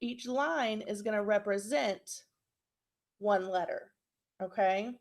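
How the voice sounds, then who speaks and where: A woman's voice: mid-range voice, slow. A woman teacher giving a recorded phonics lesson to young children, spelling words out letter by letter and clapping out syllables.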